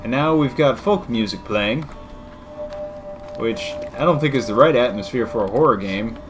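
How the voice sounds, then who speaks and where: A man's voice: medium pitch, normal speed, music in the background. A man giving casual gameplay commentary with joking, sarcastic asides. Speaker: video game let's-player.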